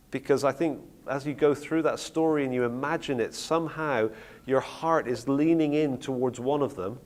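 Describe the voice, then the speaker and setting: A middle-aged man preaching on a Bible story, retelling it with lively acted-out quotes. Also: mid-range voice, normal speed. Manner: animated storytelling, acting out quoted lines. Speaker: preacher teaching on Bible stories. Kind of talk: sermon-style teaching talk.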